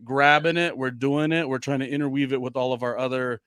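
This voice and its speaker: A man's voice: mid-range voice, steady tone, brisk, a bit bright, clear, resonant tone, no room sound, clean studio sound. Casual rambling male podcast co-host. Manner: rambling, many fillers and restarts. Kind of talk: casual chat.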